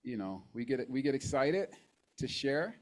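A man preaching a sermon into a handheld microphone in a church. He draws amens from the congregation and reads scripture references slowly, repeating each one. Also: mid-range voice, big pitch swings, low-quality recording. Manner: call-and-response with the congregation, frequent amens. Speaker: guest preacher. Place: church sanctuary.

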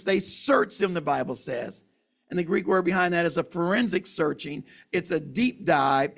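A man's voice: high-pitched, gravelly. A man preaching a sermon in an earnest, emotional, emphatic way.

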